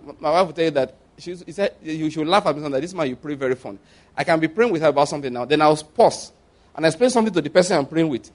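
A middle-aged man preaching a sermon as a pastor, in a conversational way that repeats phrases for emphasis. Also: fairly high pitch.

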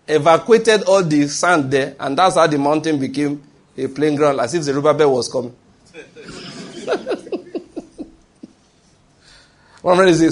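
Man, preacher, husky voice, sermon delivery, repeats key phrases, asks and answers his own questions. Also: fairly high pitch. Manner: rhetorical questions answered himself, emphatic repetition.

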